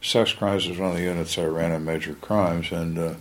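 Casting: older man, very deep voice, blunt, wry ex-detective telling stories, faint noise behind. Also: fairly even intonation, brisk. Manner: blunt, plain-spoken, wry. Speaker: retired homicide lieutenant, guest. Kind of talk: candid storytelling interview.

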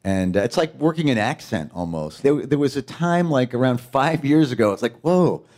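A man from Queens, an actor, chatting as a guest in a jokey, animated way and slipping into impressions. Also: mid-range voice, brisk. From Queens, New York. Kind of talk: casual interview chat.

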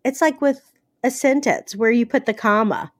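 A woman's voice: a little high, normal speed, dry recording, studio quality. A woman from the American South, an author being interviewed, talking casually with blunt, salty humor and lots of fillers. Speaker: author guest.

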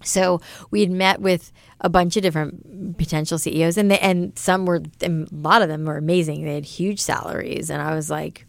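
Low creaky woman, chatty founder. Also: steady tone, fairly quick, no echo. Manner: chatty, many fillers like "you know" and "like". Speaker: business founder interviewed. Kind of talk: casual interview talk.

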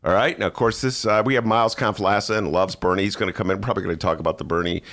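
A man's voice: on the low side, very fast. A man hosting a political talk show, giving casual, sarcastic commentary with lots of "uh" fillers, speaking from a studio. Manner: sarcastic, animated, many "uh" fillers.

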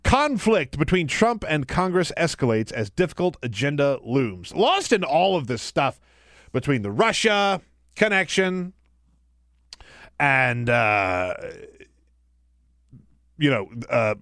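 A man filling in as host of a political talk radio show, joking and animated, laughing easily. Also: a little high, dry recording, studio quality. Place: radio studio.

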